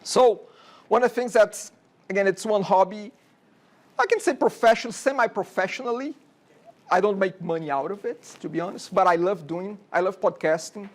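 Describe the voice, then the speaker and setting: A man in his forties with a Brazilian Portuguese accent lectures a classroom. His voice sits high, and his talk is chatty and wandering, broken up by frequent "okay?" checks with the students. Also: moderate pace. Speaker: college instructor.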